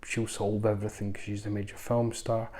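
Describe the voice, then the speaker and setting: A man's voice: on the low side, little pitch movement, a little fast, a little mellow. A man hosting a casual film review, rambling along with frequent ums, restarts and chatty asides. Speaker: film reviewer, channel host.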